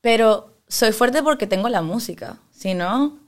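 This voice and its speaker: A woman's voice: fairly high pitch, expressive, normal speed. A young Venezuelan woman, a singer-songwriter, chatting frankly as a guest and slipping between English and Spanish. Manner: frank, switches between English and Spanish mid-sentence, swears freely. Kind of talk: casual interview chat.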